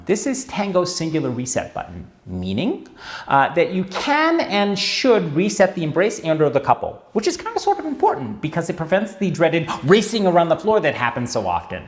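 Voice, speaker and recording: Male dance instructor, lively intonation, joking asides, checks in with the viewer often. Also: a little high, normal speed. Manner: chatty, wry asides, checks in with "yes?" and "all right". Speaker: tango teacher. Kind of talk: instructional video lesson.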